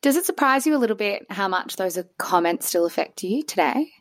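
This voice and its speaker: A woman interviewer asking gentle, careful questions. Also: mid-range voice, lively intonation, brisk.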